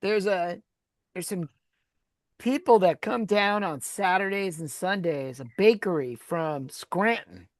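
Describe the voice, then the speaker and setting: A woman's voice: lowish voice, slow pace, no echo. A woman co-hosting a sports podcast, a former agent, telling stories in casual chat and laughing often. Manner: lively storyteller who laughs often.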